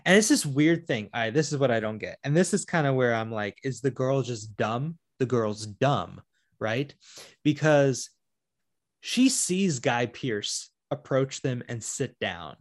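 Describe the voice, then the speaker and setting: A man's voice: medium pitch, a little slow. A man co-hosting a podcast, casually talking through a film and acting out what the characters say. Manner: animated retelling, acts out characters' lines.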